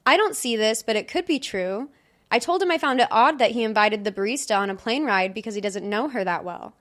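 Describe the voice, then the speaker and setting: A young woman co-hosting a casual podcast, reading stories aloud in a chatty way. Her voice sits fairly high, and she breaks into laughter often. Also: fairly quick, fairly bright tone. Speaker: podcast co-host.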